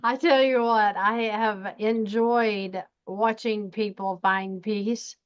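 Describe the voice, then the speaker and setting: A woman's voice: mid-range voice, steady tone, slow, smooth, dry recording, muffled recording. A woman hosting a conversational interview, speaking reflectively between short acknowledgements. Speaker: host.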